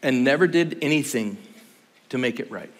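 A man's voice: mid-range voice, animated, moderate pace. A man in his sixties preaching a conference sermon, telling stories animatedly and with humor. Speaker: pastor. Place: large conference hall. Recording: long hall reverb.

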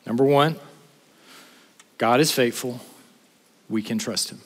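A man's voice: medium pitch, slow. Preaching man in a reverberant hall. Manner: preaching with rising intensity and conversational asides. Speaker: pastor. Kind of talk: sermon.

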